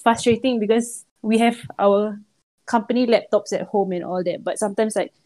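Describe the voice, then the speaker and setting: A woman's voice: medium pitch, fairly even intonation, fairly quick, darkish tone. A young Singaporean woman chatting on a podcast, venting about office work with many "like"s. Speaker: office worker guest. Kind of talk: casual podcast chat.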